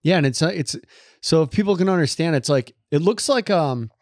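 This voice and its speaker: A man co-hosting a casual podcast, excitable and halting with many fillers. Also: on the high side, dry recording, clean studio sound. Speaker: podcast co-host. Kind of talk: casual chat.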